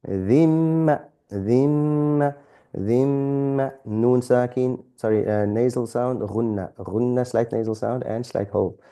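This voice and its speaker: A man's voice: mid-range voice, fairly even intonation, a little slow, few pauses, dark tone. Patient man teaching Arabic reading. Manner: patient, repeats examples, frequent "okay?" checks; stumbles and restarts phrases. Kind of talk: relaxed classroom-style lesson.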